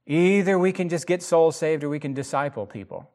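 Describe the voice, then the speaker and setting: A man teaching the Bible in a casual podcast chat, animated and emphatic, with frequent restarts. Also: fairly high pitch, normal speed.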